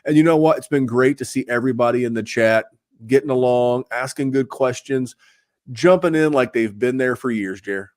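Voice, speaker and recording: A man's voice: mid-range voice, moderate pace, dry recording, studio quality. A man hosting a fantasy football podcast in casual chat, rambling with fillers and restarts. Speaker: podcast host.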